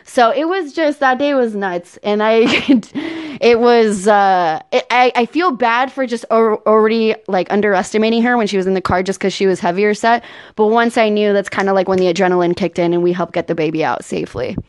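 A woman comedian in casual chat, slangy and quick to laugh, telling stories from her work. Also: mid-range voice, clean tone, no echo, clean studio sound. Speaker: guest comedian.

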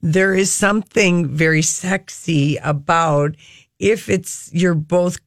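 A tired woman co-hosting a podcast, chatty and quick to laugh in casual talk. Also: lowish voice, dry recording, clean studio sound. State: tired, short on sleep. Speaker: podcast co-host. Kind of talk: casual chat.

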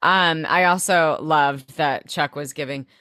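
A woman's voice: sits low, a little slow, pushed and bright, no room sound. A woman co-hosting a podcast in casual recap chat, chatty, swearing freely and laughing between phrases. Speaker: podcast co-host.

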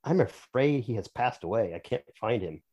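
A man's voice: mid-range voice, expressive, moderate pace, a little mellow, husky. A man, an author and podcast guest, explaining his views at length in casual, opinionated conversation.

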